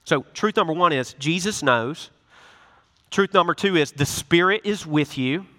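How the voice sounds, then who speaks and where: A male pastor giving a lively, conversational sermon, acting out little asides as he goes. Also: on the high side, a little slow, in a large hall. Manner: animated, conversational preaching with acted-out asides.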